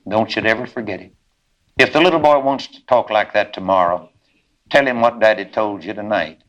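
A man preaching a sermon, voicing a loving adoptive father who gently reassures his son. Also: fairly low pitch, moderate pace, highs cut off, natural voice. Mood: tender. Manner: tender, comforting.

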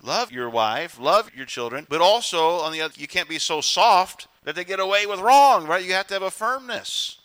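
Bright, lively preacher man. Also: sits high, normal speed, hardly any pauses, smooth. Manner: animated, acts out voices for emphasis. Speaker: pastor. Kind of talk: sermon.

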